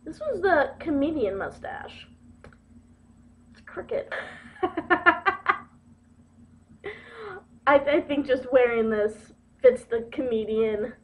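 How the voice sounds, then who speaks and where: A young woman vlogs casually to her camera, her high voice drifting along at an easy, slow pace. She giggles and makes fun of herself as she goes. The webcam audio is muffled and lo-fi. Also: animated, slight background noise. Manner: giggly, playful and self-mocking. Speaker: video blogger.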